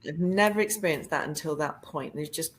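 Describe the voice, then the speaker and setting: A woman, a psychic medium, chatting casually and animatedly, often laughing and jumping up into a high voice to act out quotes. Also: fairly quick, a little hiss or hum. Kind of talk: casual storytelling chat.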